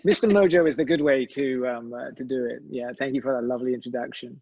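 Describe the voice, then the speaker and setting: A man in his forties talks as an interview guest, pausing often and restarting his sentences. His voice is husky and a little breathy. The sound is dry and slightly muffled, like a remote call. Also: mid-range voice, darkish tone, dry recording. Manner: hesitant, many fillers and restarts. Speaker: company co-founder guest. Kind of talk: conversational interview.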